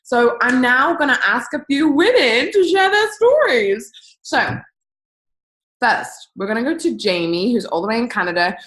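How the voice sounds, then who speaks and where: Upbeat chatty woman pitching in an echoey room. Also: animated, normal speed, a bit bright. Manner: chatty and upbeat, big leaps in pitch, playful asides. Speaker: business team presenter on a group call. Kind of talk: animated sales pitch to a call audience. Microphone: computer or phone on a call.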